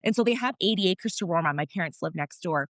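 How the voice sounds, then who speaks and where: A woman's voice: fairly low pitch, lively intonation, fast, dry recording, clean studio sound. A woman guest on a podcast, telling family stories frankly and with feeling, now and then swearing mildly. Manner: emotional storytelling, frank with mild swearing. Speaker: podcast guest, wellness practitioner. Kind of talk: casual interview chat.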